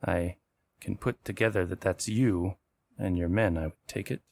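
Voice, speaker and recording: A man's voice: low-pitched, steady tone, moderate pace, gravelly, darkish tone. A man voicing a dignified male desert village elder in a tabletop role-play, speaking formally and courteously.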